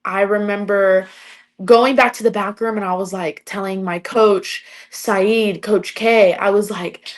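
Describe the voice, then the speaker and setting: A woman's voice: mid-range voice, steady tone, unhurried. A young adult woman, an MMA fighter, chatting as a podcast guest and telling stories, with lots of "like" fillers. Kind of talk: casual interview storytelling.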